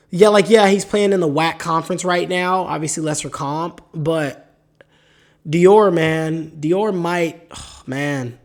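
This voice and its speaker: A man hosting his own solo basketball podcast, talking casually with slang and reading off player stats, with the hiccups. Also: high-pitched. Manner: casual, slangy, hype, reads off stat lines. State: has the hiccups. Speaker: podcast host. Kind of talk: solo sports podcast talk.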